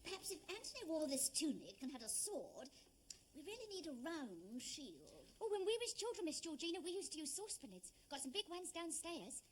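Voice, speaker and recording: An actress playing an eager young housemaid, in a period television drama. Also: female voice, sits high, very animated, fairly quick, slight background noise.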